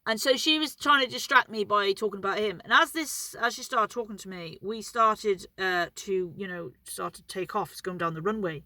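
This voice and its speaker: A woman's voice: medium pitch, moderate pace, hardly any pauses, pushed and bright, no echo. A woman, rambling and swearing freely while telling funny stories about flying, laughing at herself. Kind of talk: casual anecdotal storytelling.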